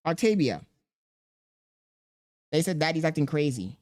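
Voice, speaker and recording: A man's voice: a little high, big pitch swings, a little slow, a little mellow. A young man livestreaming, talking casually and defensively to his chat, rambling and firing questions back at them.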